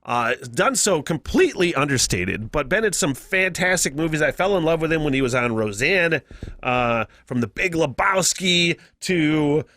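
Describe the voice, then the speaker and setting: Animated, profane American podcast guy. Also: on the high side, normal speed, slight background noise. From United States. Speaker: podcast host. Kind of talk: casual solo podcast chat.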